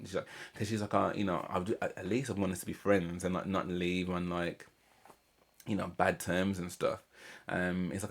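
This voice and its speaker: Low gravelly man recapping. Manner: chatty, rambling, mimics cast members. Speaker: reaction channel host. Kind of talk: casual recap of a reality show.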